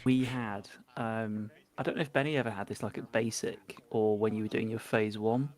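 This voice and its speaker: A man's voice: fairly low pitch, fairly even intonation, moderate pace, darkish tone. An Englishman chatting casually with friends while they play, rambling and teasing. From England. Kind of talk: casual chat over a co-op game.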